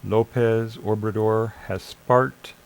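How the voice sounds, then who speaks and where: A man's voice: fairly low pitch, fairly even intonation, slow, gravelly, clear, resonant tone, poor audio. A man streaming live, reading chatbot answers aloud and arguing back with sarcasm, urging listeners to think. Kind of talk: casual commentary reading AI chat aloud.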